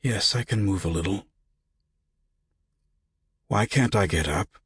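A man voicing a confused young graduate student with a raspy voice, demanding answers. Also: low-pitched, unhurried, a bit bright, no room sound, clean studio sound, exaggerated voice. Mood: tense. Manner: demanding, frightened.

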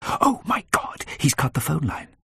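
A man voicing a stubborn, spirited young woman engaged to the narrator, in a husky voice. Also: low-pitched, sing-song, a little fast, a bit bright, no room sound, clean studio sound, voice pushed up, exaggerated voice. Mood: frightened. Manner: insistent, then frightened.

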